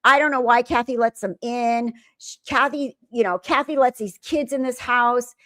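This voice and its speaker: A woman's voice: on the high side, normal speed, no echo. Middle-aged woman host, casual chatty commentary, close and dry. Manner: chatty, animated storytelling. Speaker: live stream host. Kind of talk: casual live commentary reading chat.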